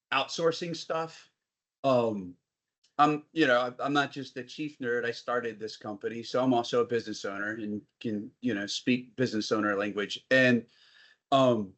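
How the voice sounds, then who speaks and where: A man talking casually as a webinar guest, with a middle-pitched voice. He is chatty and lively, slipping into quoted voices as he makes his points. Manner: chatty, animated, acts out quotes. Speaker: guest, IT business owner.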